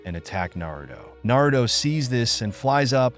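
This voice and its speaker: A man narrating a fan fiction story in a flat, hurried reading with slips. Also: medium pitch, soft background music.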